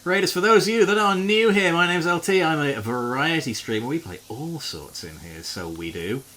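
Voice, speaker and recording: A man's voice: fairly high pitch, lively intonation, normal speed, pushed and bright. A man streaming live, chatting casually with viewers while he plays a game, joking and swearing freely. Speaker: variety streamer.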